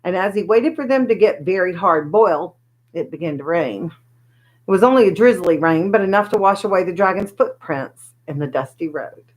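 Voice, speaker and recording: A woman reading a children's chapter book aloud, with lively, expressive storytelling. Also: lowish voice, moderate pace, low-quality recording. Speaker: storybook reader.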